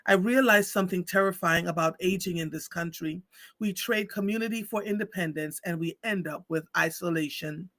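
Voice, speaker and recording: A man with a high, bright, ringing voice reads a story aloud to his livestream audience. He takes it slow, with heartfelt pauses, on a close, dry mic. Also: dry recording. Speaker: livestream host. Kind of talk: reading a story aloud, then chatting with viewers.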